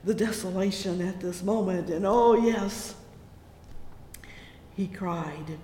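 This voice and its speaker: A preacher delivering a sermon with fervent, drawn-out cries of "oh yes" and "oh my". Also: medium pitch, warm tone, roomy sound, long reverb tail, a little hiss or hum.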